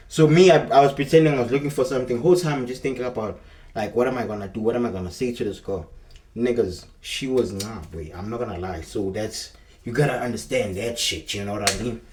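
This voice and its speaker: A man's voice: medium pitch, darkish tone. Rambling young South African man. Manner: rambling and slangy, keeps calling the viewer bro. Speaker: storyteller. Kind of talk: casual storytime monologue. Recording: echoey room, mic at a distance.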